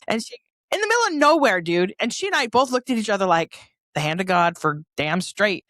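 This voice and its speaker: A middle-aged woman from Northern California, a podcast guest telling a personal story in a lively, chatty way and acting out the dialogue. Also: mid-range voice, brisk, no echo, clean studio sound.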